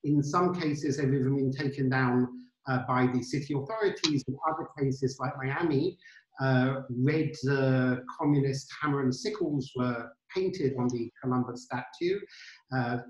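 A man's voice: mid-range voice, a little slow, dull audio. A man hosting an interview over a video call, friendly, with a few stammered restarts. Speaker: interview host. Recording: roomy video call audio.

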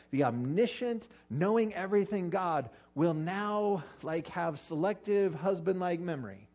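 A man preaching a casual, joking sermon, acting out quotes with sudden jumps in pitch. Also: lively intonation, unhurried, few pauses, a little mellow. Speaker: pastor. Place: church or hall with an audience eating lunch.

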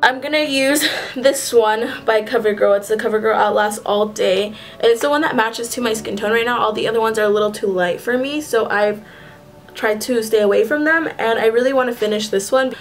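A young woman chats her way through a casual makeup tutorial. Her voice sits a little high, and she often stops to correct herself mid-phrase. Soft music plays underneath. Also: brisk, low-quality recording. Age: young adult. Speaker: beauty vlogger.

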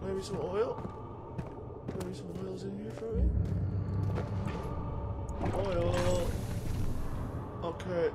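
A man's voice: sits high, fairly even intonation, drawn-out words, long pauses, heavy background noise. A young man commentating his horror game playthrough, jumpy and jokey, often yelping in fright. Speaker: let's play gamer. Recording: game music playing loudly behind.

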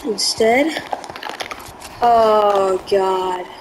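A woman's voice: mid-range voice, drawn-out words, background noise. A woman giving live gameplay commentary, jumpy and easily spooked, yelping in panic. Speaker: gaming video creator.

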